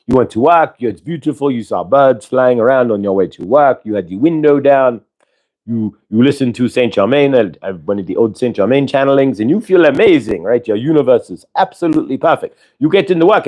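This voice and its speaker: Here a man hosting a spiritual livestream channels a collective "we," wandering and repetitive, and performs ordinary dialogue in quoted voices. His voice is mid-range with a darkish tone.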